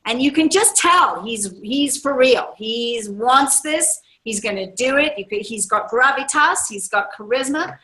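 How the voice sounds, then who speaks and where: A woman's voice: on the high side, animated, a little slow, few pauses, sharp tone, low-quality recording. A woman in her sixties gives a motivational seminar talk to a live audience as a business leader, enthusiastic and emphatic, often repeating her key phrases. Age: 60s. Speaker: network marketing leader.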